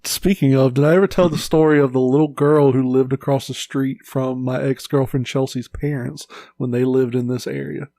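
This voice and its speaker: A man's voice: mid-range voice, fairly even intonation, moderate pace, creaky, dark tone, no echo. A man co-hosting a casual podcast, telling easygoing stories and swearing now and then. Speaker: podcast co-host. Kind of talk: casual chat.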